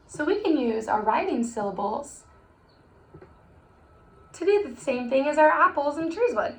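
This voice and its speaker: A woman's voice: high-pitched, big pitch swings, moderate pace, a bit bright. A young woman teaching a recorded music lesson to children, chanting rhymes in an encouraging, sing-song voice. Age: young adult. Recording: echoey room with faint hiss.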